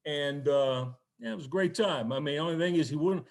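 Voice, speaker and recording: A man telling rambling, animated stories as a podcast guest, with frequent restarts. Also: a little high, a little fast, creaky. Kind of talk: casual storytelling.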